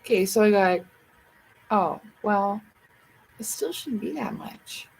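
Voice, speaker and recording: A woman's voice: mid-range voice, takes it slowly, gravelly, a little mellow, a little hiss or hum, low-quality recording. A woman hosting a livestream, rambling casually to herself and her viewers in a chatty way. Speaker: livestream host.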